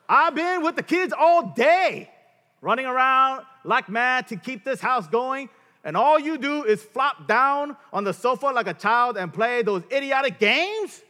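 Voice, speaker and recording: Guy putting on a shrill exasperated wife, sneering, loud and high, big echoey hall. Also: expressive, measured pace, heavily acted. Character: scornful worn-out wife mocking her spouse. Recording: long hall reverb.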